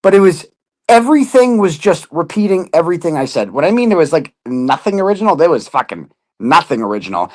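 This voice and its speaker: A man's voice: a little high, a little mellow. A man in casual chat, telling a story with lots of swearing and putting on other people's voices. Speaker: podcast guest.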